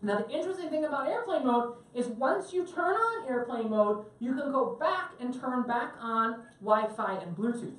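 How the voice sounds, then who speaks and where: A woman's voice: sits high, expressive, moderate pace, few pauses. A woman teaching a tech class to a live audience on a cruise ship, chatty and joking and asking the room questions. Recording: very echoey room, mic at a distance.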